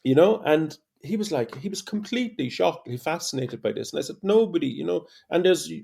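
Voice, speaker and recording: Guy on a podcast, warm mellow voice, animated storyteller, lots of restarts. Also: a little high, a little fast, creaky, husky. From Ireland. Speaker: guest. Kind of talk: casual podcast conversation.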